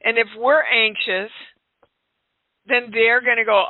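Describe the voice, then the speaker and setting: A woman hosting a call-in radio show, chatty and direct, gently scolding her callers. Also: a little high, steady tone, slow, long pauses, no echo. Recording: dry, phone-like narrow sound.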